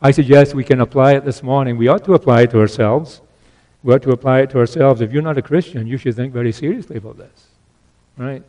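An older man preaching a sermon, earnest, repeating key phrases and swinging between loud exhortation and hushed asides. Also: mid-range voice, fast.

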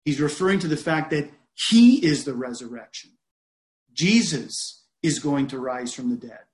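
A man preaching a sermon in a measured, deliberate way, often restarting his phrases. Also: fairly high pitch, animated, roomy sound.

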